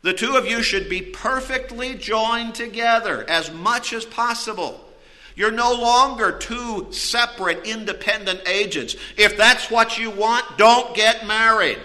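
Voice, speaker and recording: A man delivers a sermon in a high, very bright voice, swinging between hushed asides and loud storytelling bursts. His words ring out with a long reverb behind them, as in a big hall. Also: unhurried. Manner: storytelling with wide swings in loudness. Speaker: preacher.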